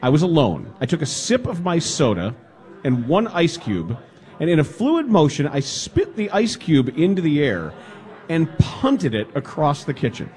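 A man hosting a call-in radio show, playful and animated, laughing along with callers. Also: fairly high pitch, normal speed. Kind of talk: call-in radio chat and storytelling.

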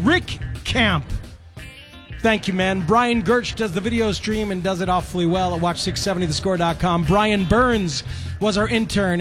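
Man, high voice, sports radio host, casual chat, animated, faint music behind. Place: radio booth at an auto show.

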